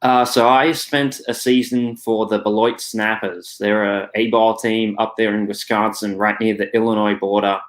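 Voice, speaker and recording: A young man with an Australian accent talks through his answers in a low, level voice that barely rises or falls. He hedges and restarts often, leaning on "you know" as he goes. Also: level tone, normal speed, hardly any pauses. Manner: hesitant, many "you know" fillers and restarts. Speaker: guest. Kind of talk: casual interview answers.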